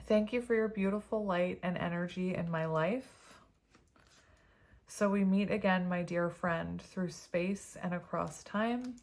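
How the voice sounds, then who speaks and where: A woman's voice: medium pitch, a little mellow. A woman reading tarot cards to her viewers in a casual, chatty way, often laughing as she reads the card messages aloud. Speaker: tarot reader.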